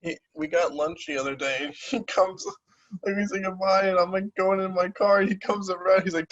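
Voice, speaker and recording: A young man co-hosting a podcast in casual chat, an animated storyteller who jumps into high voices when quoting people. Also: brisk, no room sound. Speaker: podcast co-host. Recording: dull lo-fi sound, dry.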